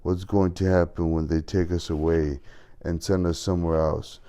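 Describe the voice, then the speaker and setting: A man's voice: sits low, little pitch movement, moderate pace, dark tone, clear, resonant tone, lightly acted. A man voicing a frightened young migrant man. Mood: despairing. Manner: pleading, desperate questions.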